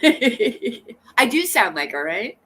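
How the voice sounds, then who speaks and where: Lively, sassy woman streamer. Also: on the high side, slow. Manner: sassy, teasing, laughs often. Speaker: livestream host. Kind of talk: casual live-stream chat.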